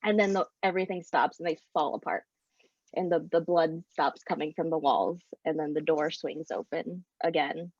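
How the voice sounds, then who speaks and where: A woman's voice: low-pitched, moderate pace, a little mellow, no room sound, highs cut off. Giggly woman telling a story. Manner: casual, giggly narration. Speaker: player. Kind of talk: improvised storytelling in a game.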